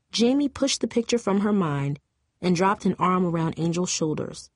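A woman narrating an audiobook in a steady, even storytelling voice. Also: on the low side, moderate pace, dry recording, studio quality.

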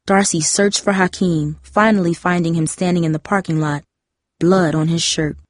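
A woman narrating an audiobook in a measured, dramatic reading style. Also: fairly low pitch, fairly even intonation, no room sound, studio quality.

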